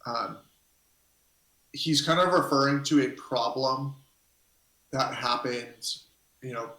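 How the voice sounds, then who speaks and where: A man's voice: medium pitch, takes it slowly, sharp tone. A man narrating a tabletop game as game master, rambling and hesitant as he thinks aloud. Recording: echoey room.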